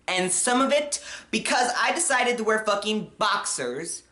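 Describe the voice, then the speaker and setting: A young man telling a story on his vlog, animated and full of swearing, swinging from hushed to yelling. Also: high-pitched, moderate pace, echoey room. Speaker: vlogger.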